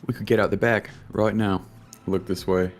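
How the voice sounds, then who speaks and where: A man with a deep voice plays a tabletop game, cracking dry jokes and swearing freely as he talks through his moves. Faint music plays behind him. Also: flat delivery. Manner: wry, swearing, quick jokes. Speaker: player. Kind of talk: casual tabletop play.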